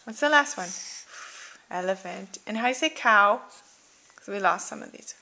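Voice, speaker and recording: A woman's voice: medium pitch, expressive, moderate pace, sharp tone. A woman at home quizzing a small child, patiently naming animals and repeating her questions, recorded on a handheld camcorder. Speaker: parent teaching a toddler sign language.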